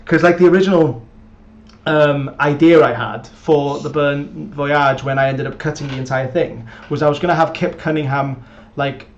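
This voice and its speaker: Guy rambling on a podcast, kinda high voice, muffled lo-fi audio with a bit of hiss. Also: steady tone, normal speed. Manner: rambling, lots of fillers and restarts. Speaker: podcast co-host and episode writer. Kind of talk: casual chat. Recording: muffled lo-fi audio, faint background noise.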